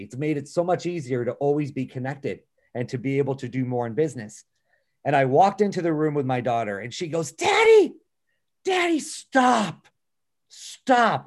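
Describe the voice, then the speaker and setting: A man's voice: mid-range voice, darkish tone. A middle-aged man giving a motivational talk on a call, earnest and storytelling, often checking in with "okay" and "right?". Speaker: business speaker on a call.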